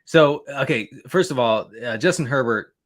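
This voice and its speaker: Rambling man talking fantasy football. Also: mid-range voice. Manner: rambling, repeats words, quick laughs. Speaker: guest analyst. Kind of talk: casual fantasy football podcast chat.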